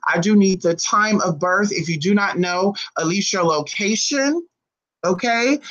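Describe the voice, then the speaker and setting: A spiritual reader chatting live with viewers in a sassy, fast way, calling them honey, with big swings in pitch. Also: sharp tone, dull audio. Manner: talks fast. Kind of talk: live-stream chat with viewers.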